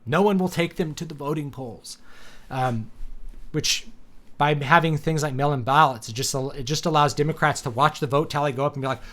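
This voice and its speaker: A man hosts a casual live talk show, rambling and opinionated, with sarcastic asides, lots of fillers and restarts, and laughter at his own points. His voice is a little high and fairly bright, and he talks fairly quickly.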